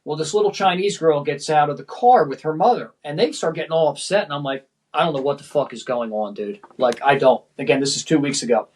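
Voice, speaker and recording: A man's voice: on the high side, quick pace, darkish tone, poor audio. A middle-aged man, a former firefighter lieutenant, tells a personal story as a podcast guest in a rambling, profane way, often tagging sentences with "man".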